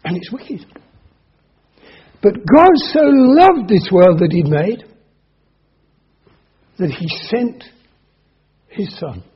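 A man preaching a sermon in an emphatic way, slowing down and repeating key phrases. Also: high voice, sing-song, breathy edge. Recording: dull lo-fi sermon recording.

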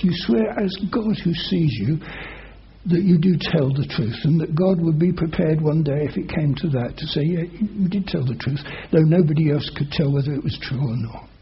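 A male preacher delivers a sermon, telling a scripture story with dramatic emphasis and loud quoted oaths. His voice sits fairly high. The recording sounds dull and lo-fi.

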